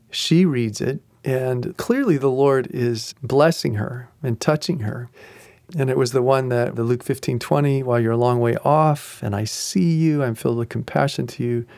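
Middle-aged man, gravelly and dry-miked, earnest animated testimony storyteller. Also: mid-range voice, dry recording. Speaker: ministry group facilitator.

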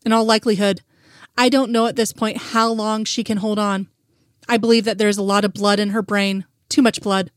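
Woman narrator playing a composed male doctor giving hard news; steady delivery, dry close sound. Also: medium pitch, dry recording, natural voice. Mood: grave. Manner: measured, delivering grave news. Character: male doctor, calm and clinical.

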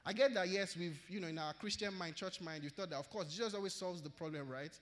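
High-voiced preacher with a Nigerian accent. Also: male voice, fast. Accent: Nigerian English. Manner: earnest, exhorting, repeats key phrases. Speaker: pastor. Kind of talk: sermon. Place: church hall. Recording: long church hall reverb.

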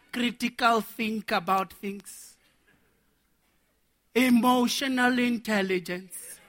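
A man preaching a sermon to men, animated and laughing as he acts out little scenes. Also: extremely high pitch.

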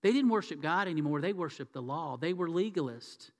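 A man's voice: fairly high pitch, animated, brisk. A male pastor preaching a sermon in a conversational way, asking his congregation rhetorical questions. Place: church sanctuary. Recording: long hall reverb.

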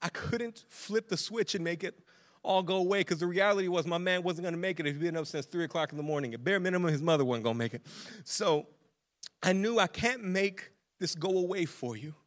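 A young adult man preaching a sermon as pastor, animated and casual, with slang. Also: high voice, brisk.

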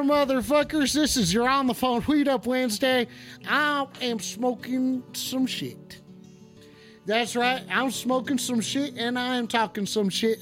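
Male comic host in a cowboy persona; rowdy, profane, rambling, sharp bright delivery. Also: very high voice. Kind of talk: rowdy comedic rant.

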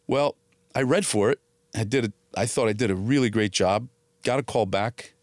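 Middle-aged actor, casual storyteller; dry, close-miked studio sound. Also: male voice, on the low side, moderate pace, no echo. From New Jersey area. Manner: animated anecdotes, quotes people in dialogue. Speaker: actor, interview guest.

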